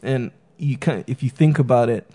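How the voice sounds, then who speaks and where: A man's voice: medium pitch, brisk, dark tone. A man in casual conversation, rambling with many fillers and acting out the people he quotes. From San Diego area.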